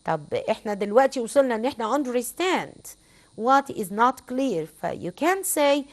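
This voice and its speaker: A woman's voice: fairly high pitch, very animated, quick pace. An Egyptian woman teaching an English lesson, a native Arabic speaker who repeats phrases for her students and slips into Arabic to explain.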